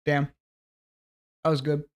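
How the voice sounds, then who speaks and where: A man's voice: on the high side, completely flat delivery, slow, smooth. A man in casual stream chat, joking and swearing freely. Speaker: streamer guest.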